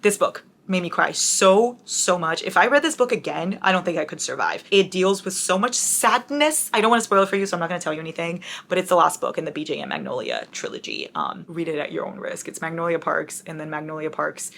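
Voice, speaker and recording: A woman's voice: fairly low pitch, very animated, a little fast, gravelly, hardly any pauses, a bit bright. A young woman chatting casually to camera about books, bubbly and dramatic, now and then breaking into song. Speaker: book vlogger.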